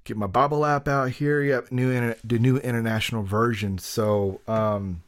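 Male podcast host, casual rambling solo monologue, jokey and self-deprecating, mid-pitched voice. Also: steady tone, moderate pace.

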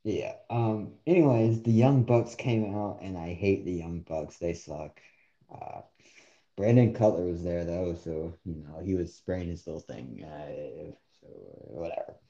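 A man with a low, very dark voice co-hosts a casual podcast, blunt and dismissive as he chats. The sound is echoey and dull, like a roomy home setup with a muffled mic. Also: measured pace, creaky. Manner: blunt, dismissive, laughs often. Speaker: co-host.

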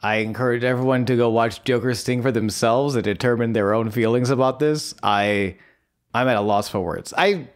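Excitable, profane male podcast co-host. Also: mid-range voice, moderate pace. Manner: excitable, profane, self-mocking storyteller. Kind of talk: casual podcast chat.

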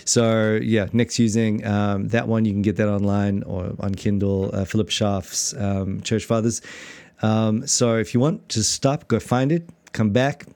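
A man's voice: on the low side, flat delivery, a little slow, darkish tone, dry recording. A man with a South African accent co-hosting a casual podcast chat about church history, rambling with many restarts and frequent laughter. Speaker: podcast co-host.

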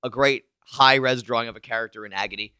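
A man co-hosting a podcast in casual chat, animated, laughing often and restarting his sentences. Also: medium pitch, quick pace, clear, resonant tone, no echo, studio quality. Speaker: podcast co-host.

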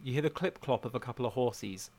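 Man, mid-pitch, casual podcast player, eager narrator of moves. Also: quick pace, background noise. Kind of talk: casual chat.

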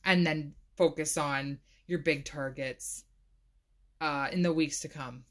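A woman's voice: sits low, fairly even intonation, slow. A woman hosting a casual solo podcast, chatty and full of "like," laughing now and then. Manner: chatty, says "like" a lot, laughs often. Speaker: podcast host.

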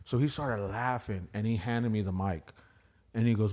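A man at an ordinary male pitch, telling stand-up stories as a guest on a podcast. He swears freely and throws in "bro" and "dude" all the time. When he quotes other people, he acts out their voices in a lively way. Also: normal speed. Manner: profane and slangy, peppered with "bro" and "dude". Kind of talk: casual storytelling.

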